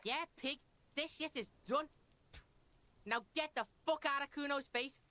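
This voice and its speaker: Bratty swearing game kid, high bright voice, cocky and sneering, a woman doing him. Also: a little slow. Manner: swaggering, sneering, swears constantly, speaks of himself in third person. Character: foul-mouthed brash young boy, hostile. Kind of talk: video game voice acting.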